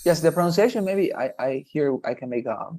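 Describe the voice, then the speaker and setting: A man's voice: a little high, lively intonation, fairly quick, a little mellow, faint music behind. A man teaching English in a one-on-one lesson, encouraging and patient, often repeating praise.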